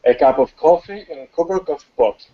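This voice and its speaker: A man's voice: fairly high pitch, expressive, fairly quick. A man in an online English class as a student, repeating a practice phrase carefully. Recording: tinny call audio.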